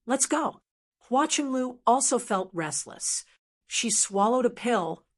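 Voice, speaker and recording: Female narrator, steady audiobook read, mid pitch.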